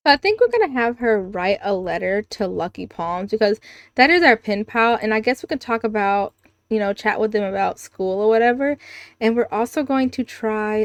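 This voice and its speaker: A woman's voice: medium pitch, no room sound. A young woman giving casual, chatty commentary over a life-simulation game, with sudden gasps and giggles. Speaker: gaming video creator.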